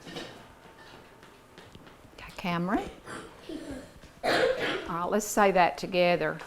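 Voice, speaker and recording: A woman teacher leading a classroom phonics lesson, encouraging and deliberate, sounding out words for young pupils in a classroom. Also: on the low side, gravelly, noisy background.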